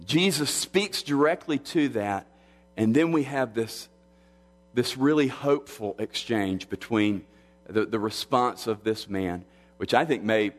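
A pastor preaching an expository sermon, measured and earnest, often restarting his phrases. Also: lowish voice. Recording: long hall reverb.

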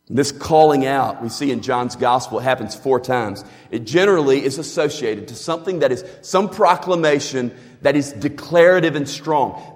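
A man preaching a sermon as a pastor, earnest and emphatic in a teaching way. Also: mid-range voice. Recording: long hall reverb.

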